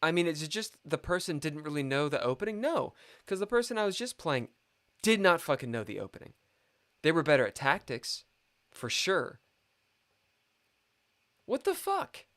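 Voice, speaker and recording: A man's voice: fairly high pitch, big pitch swings, a little fast, fairly bright tone. A man streaming a live chess game, muttering and swearing in frustration at his own moves, complaining of a dry mouth.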